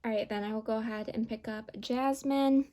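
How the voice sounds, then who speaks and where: A woman beauty vlogger narrating a makeup tutorial, calmly explaining each step. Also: a little high, moderate pace.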